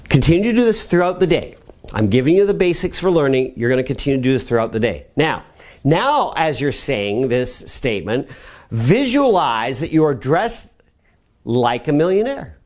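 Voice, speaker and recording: A middle-aged man teaching a motivational web lesson on personal growth, coaching the listener with energetic, repeated commands. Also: on the high side. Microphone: camera mic.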